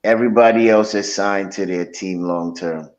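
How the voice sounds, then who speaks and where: A man co-hosting a casual sports podcast, talking in a slow, easygoing way. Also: deep voice, fairly even intonation, a little mellow, dull audio. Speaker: podcast co-host.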